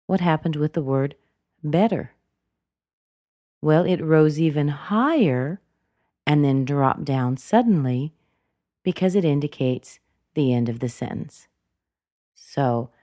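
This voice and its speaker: A woman teaching a pronunciation lesson, speaking deliberately and demonstrating example sentences. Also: deep voice, animated, mellow, dry recording, clean studio sound. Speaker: accent coach.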